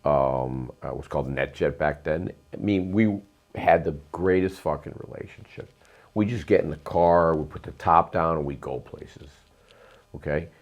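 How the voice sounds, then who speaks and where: Middle-aged guy with a super low voice, rambling story w lots of ums. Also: moderate pace. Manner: rambling, emphatic, frequent ums and uhs. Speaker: real estate investor, guest. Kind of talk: storytelling interview.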